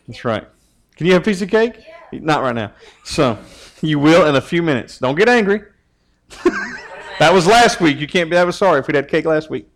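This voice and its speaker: A youth pastor gives a relaxed sermon. He teases his listeners and keeps throwing questions at them, his voice sitting slightly high for a man. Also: moderate pace. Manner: joking, teasing, asks the group questions.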